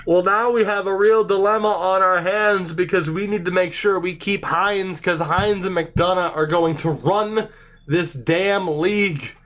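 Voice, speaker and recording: A man commentating on a hockey video game, stunned and overexcited, swearing and laughing, his voice jumping high and refusing to come down. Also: fairly even intonation, a little slow, a bit bright. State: overexcited, voice raised. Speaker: gaming YouTuber. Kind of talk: excited gameplay commentary.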